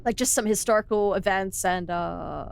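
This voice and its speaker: A woman's voice: mid-range voice, moderate pace, creaky, clean tone. An Australian woman streaming a game, chatting with viewers in a joking way and laughing often. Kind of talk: casual gameplay chat.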